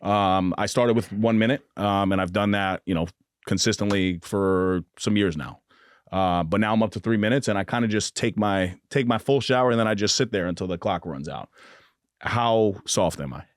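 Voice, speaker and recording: A man's voice: fairly low pitch, brisk, no echo, clean studio sound. A man hosting a podcast, chatting casually and candidly, laughing often and poking fun at himself. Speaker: podcast host.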